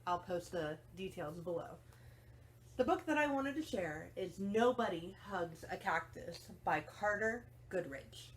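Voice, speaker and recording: Teacher type, woman, unhurried and gentle storybook reader for kids. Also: fairly low pitch, animated, slight background noise. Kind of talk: reading a picture book aloud to children.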